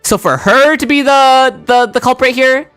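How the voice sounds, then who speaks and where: A woman streaming a game, chatting excitedly and voicing the characters' lines herself. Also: high voice, moderate pace, clear, resonant tone, faint music behind. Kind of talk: game stream, reading dialogue aloud.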